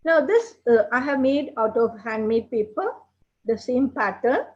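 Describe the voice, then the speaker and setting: A woman leads a puppetry workshop in a gentle, explanatory teaching manner. She speaks slowly, with a slightly high voice. The recording sounds dull and lo-fi. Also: animated.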